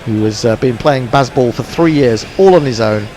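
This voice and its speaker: A man doing relaxed ball-by-ball cricket commentary on an internet radio stream, chatty and dry, with plenty of fillers. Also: medium pitch, moderate pace. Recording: faint background noise.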